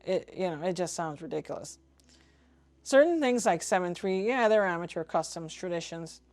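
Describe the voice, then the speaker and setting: A woman from Trinidad and Tobago, a ham radio vlogger, explaining things in an opinionated, casual way and spelling out call signs slowly. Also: lowish voice, lively intonation, darkish tone. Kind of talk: casual explanatory talk to camera.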